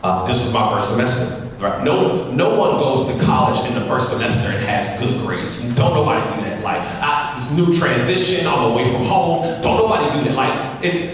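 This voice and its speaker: A motivational speaker tells a humorous, repetitive story, addressing the audience directly, heard from far off in a large hall. His voice is on the high side and expressive, moving at normal speed with few pauses.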